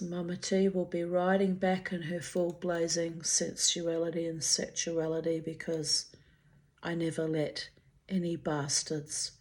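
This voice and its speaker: Older aussie woman reading her diary out, swears a lot, chatty asides, lowish voice. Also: darkish tone. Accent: Australian.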